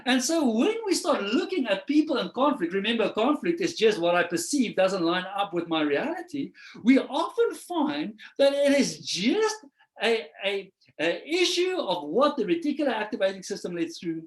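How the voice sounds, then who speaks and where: Animated man giving a webinar lecture. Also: sits high, normal speed. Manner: animated, acts out quoted voices; conversational with rhetorical questions. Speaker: trainer presenting a webinar.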